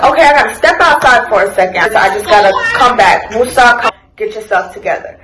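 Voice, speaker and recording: A young woman with a high, bright voice tells a storytime vlog, acting out every quote. Her voice bounces around an echoey room, with a faint hiss underneath. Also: unhurried. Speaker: vlogger. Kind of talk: casual storytime.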